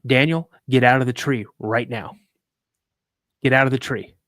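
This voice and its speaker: A man's voice: mid-range voice, fairly even intonation, unhurried, fairly bright tone, no echo, clean studio sound. A man quoting his stern veteran father barking urgent commands during a live podcast story.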